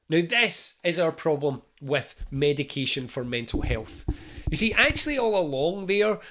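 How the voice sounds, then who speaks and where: Male educator, fairly high voice, chatty storyteller who acts out his examples. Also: a bit bright. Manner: conversational, playful, acts out short dialogues. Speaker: mental health educator. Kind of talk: explanatory talk with acted-out dialogue.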